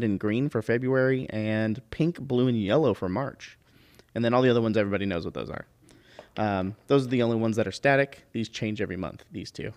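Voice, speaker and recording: A man hosting a casual livestream chat, easygoing and hesitant, often pausing on filler sounds. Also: fairly low pitch, darkish tone. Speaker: livestream host.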